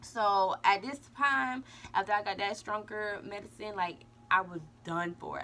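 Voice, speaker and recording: A woman's voice: mid-range voice, measured pace, few pauses, a bit bright, a little hiss or hum. A young woman vlogger casually telling a birth story and talking straight to her viewers. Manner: chatty, addresses viewers as y'all.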